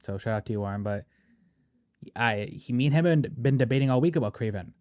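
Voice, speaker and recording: A man's voice: mid-range voice, expressive, fast talker, a little mellow, dry recording, studio quality. A man hosting a podcast, chatting casually and animatedly, peppering his talk with "bro" and "right?". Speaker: podcast host. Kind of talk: casual chat.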